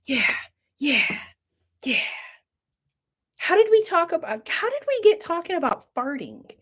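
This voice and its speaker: A woman telling funny stories in a casual monologue, animated and laughing often as she acts out the voices of others. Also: extremely high pitch, a little slow. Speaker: vlogger.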